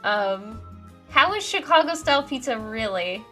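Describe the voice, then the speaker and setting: A young woman hosts a casual chat stream. Her voice is high and bright, and she rambles and giggles often. Soft music plays underneath. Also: lively intonation, a little slow. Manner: giggly, rambling, frequent laughter.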